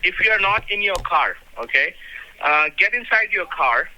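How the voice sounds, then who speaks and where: A man with an Indian accent speaks through a tinny phone line. His voice is high and very bright, and he repeats his instructions insistently with many fillers. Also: lively intonation, moderate pace. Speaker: phone scammer posing as officer. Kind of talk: scripted phone pitch.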